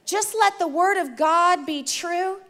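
A woman preaching, telling a personal story to the congregation in an animated, conversational way. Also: very high voice, takes it slowly. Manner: animated, addresses the audience directly, conversational. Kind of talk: sermon storytelling.

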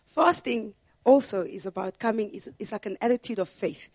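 A woman pastor preaching a sermon in an earnest way, building to loud, emphatic repetitions. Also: mid-range voice, normal speed, slightly rough, no room sound, clean studio sound.

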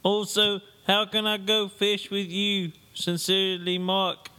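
A man's voice: high voice, monotone, slow pace, sharp tone, clear, resonant tone, full character voice. A man putting on a stiff, robot-like British voice to read a listener letter aloud on a comedy radio show. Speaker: co-host reading a listener letter.

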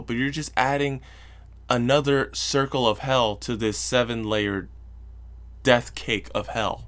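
A man's voice: medium pitch, flat delivery, unhurried, a bit bright. Young guy venting on his podcast, cussing a lot, exasperated, mocks people in little voices. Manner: profane, exasperated storytelling with mocking quoted voices. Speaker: podcast host. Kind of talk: casual solo podcast rant.

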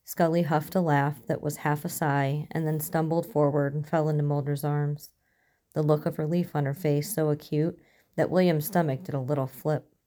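Woman storyteller, low and mellow, steady audiobook delivery. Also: normal speed. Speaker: narrator. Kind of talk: audiobook reading of fiction.

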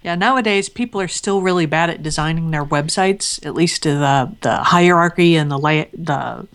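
A woman's voice: low-pitched, moderate pace, a bit bright. A woman co-hosting a casual tech podcast, adding dry joking remarks. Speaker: podcast co-host.

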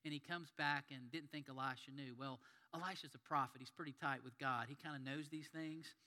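A man's voice: mid-range voice, steady tone, a little fast, bright, forceful tone. A man preaching a sermon in an earnest, conversational storytelling manner. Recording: long hall reverb.

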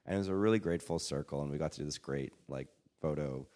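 A man in his thirties from Canada, a podcast guest telling animated stories in casual chat and acting out what people said. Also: very deep voice, quick pace. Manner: animated storyteller, acts out quotes. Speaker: podcast guest, improviser and pianist.

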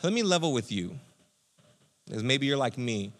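A man pastor giving a conversational, energetic sermon, speaking to listeners as friends. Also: medium pitch, moderate pace.

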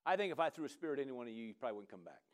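A man preaching a sermon in a lively, conversational way, often asking the congregation "right?" and urging them on. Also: medium pitch, rapid-fire. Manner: animated, conversational preaching with frequent "come on" and "right?". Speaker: pastor.

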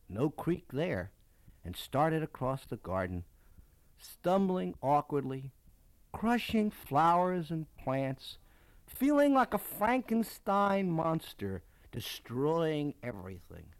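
A man from Baltimore, a children's book author, reading his childhood memoir aloud with expressive, dramatic storytelling. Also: fairly high pitch, slow pace, no echo.

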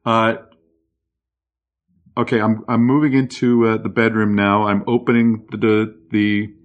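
A man co-hosting a casual podcast, joking in a dry, halting way with frequent restarts. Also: fairly low pitch, narrow, tinny audio. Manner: jokey, deadpan, halting restarts. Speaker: podcast co-host. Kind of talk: casual chat.

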